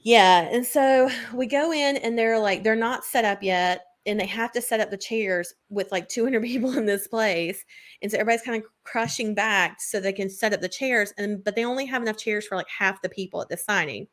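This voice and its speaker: A young woman chats casually on a podcast, spinning a long anecdote. She talks in a loose, rambling way, leaning on "like" and laughing easily. Her voice sits at an everyday middle pitch. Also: brisk. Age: 20s. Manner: chatty storyteller, lots of "like" and laughs. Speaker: podcast co-host. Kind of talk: casual chat.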